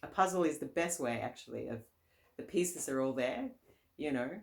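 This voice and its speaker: A woman's voice: rumbling low, expressive, normal speed, vocal fry. A woman, a Buddhist nun and teacher, giving a casual, conversational dharma talk, often laughing and circling back with fillers and restarts.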